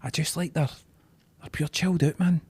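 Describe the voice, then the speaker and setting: A man's voice: a little high, steady tone, moderate pace, a little mellow, slightly rough, no room sound. A Scottish man in his thirties co-hosting a podcast, asking questions in sweary, laddish banter. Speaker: podcast co-host. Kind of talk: casual chat.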